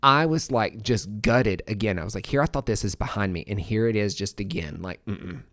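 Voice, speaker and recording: A man with a fairly low voice tells his own story on a podcast. He talks casually and candidly, swears freely, and fills the gaps with "like" and "uh" as he goes. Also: moderate pace. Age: adult, former nurse. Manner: candid, profane, animated storytelling with many fillers.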